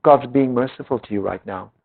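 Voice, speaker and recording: A man's voice: mid-range voice, fairly quick, vocal fry. Man teaching a Bible class, tinny recording. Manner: reads scripture aloud then explains it emphatically. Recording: tinny lo-fi phone-like old recording.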